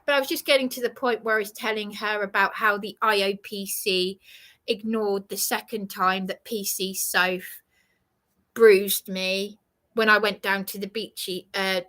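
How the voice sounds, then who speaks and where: A woman's voice: medium pitch, steady tone, unhurried, fairly bright tone. A woman delivering an indignant, emphatic ranting monologue, swearing and laughing bitterly. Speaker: vlogger.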